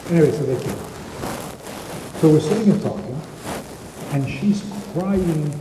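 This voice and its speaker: A man lectures on marriage in a fairly high, animated voice, slipping into the voices of the people in his stories and asking rhetorical questions. The recording is roomy with long hall reverb and clear background noise. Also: moderate pace, pauses often. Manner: acts out quoted speakers, rhetorical questions. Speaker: rabbi giving a talk on marriage. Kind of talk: lecture with storytelling.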